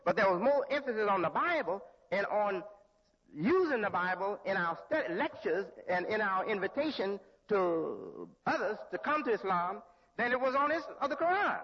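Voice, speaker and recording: Husky high-pitched man preaching in a hall. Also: big pitch swings. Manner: slow, deliberate preaching with pauses and restarts. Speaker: religious leader. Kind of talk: sermon. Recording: lo-fi hall recording with long reverb.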